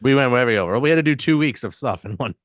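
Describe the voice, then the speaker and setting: A man's voice: mid-range voice, expressive, quick pace, dry recording, studio quality. Laid-back man in casual podcast chat. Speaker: podcast co-host.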